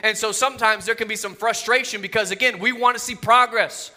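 Impassioned high-voiced male preacher, echoing hall. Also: steady tone, fairly quick, bright, forceful tone. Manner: impassioned, repetitive preaching with rhetorical questions. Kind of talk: sermon.

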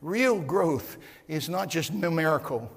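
A man preaching a sermon as pastor, shouting at times and repeating words as he builds. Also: a little high, animated, measured pace, breathy edge, long reverb tail. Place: church.

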